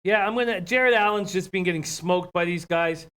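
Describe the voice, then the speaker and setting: Male betting co-host, higher voice, relaxed and conversational. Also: normal speed, smooth. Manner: conversational, breaks down hockey and basketball bets. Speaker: sports betting show co-host. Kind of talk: casual betting chat.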